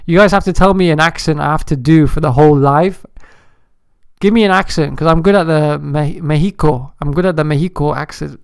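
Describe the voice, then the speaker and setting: Guy on a trading livestream, bit high voice, smooth clear, joking around with chat. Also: fairly quick, no echo, clean studio sound. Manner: animated, joking, chatty with viewers. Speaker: day-trading livestream host. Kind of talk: casual live-stream commentary.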